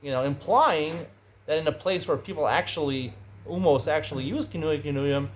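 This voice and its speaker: A middle-aged man gives a Talmud study lecture, speaking conversationally and getting animated when he raises questions. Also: a little high, moderate pace, slight background noise. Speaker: Talmud teacher.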